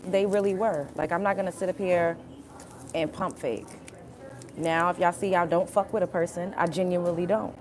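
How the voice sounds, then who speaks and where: A woman's voice: medium pitch, darkish tone. A young woman hosting a livestream, talking bluntly and profanely straight to her viewers in a repetitive, emphatic rant. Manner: repetitive, addresses viewers directly. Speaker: livestream host.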